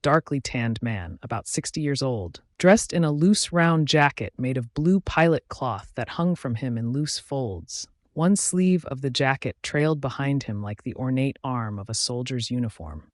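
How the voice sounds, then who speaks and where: A man narrating an audiobook with steady, measured reading. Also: mid-range voice, no echo, clean studio sound.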